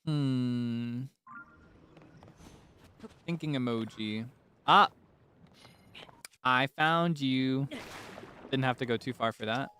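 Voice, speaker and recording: A man's voice: medium pitch, extremely slow, long pauses, a little hiss or hum. Chatty man streaming a game. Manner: chatty, giggly, thinks out loud. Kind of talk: casual gaming livestream commentary.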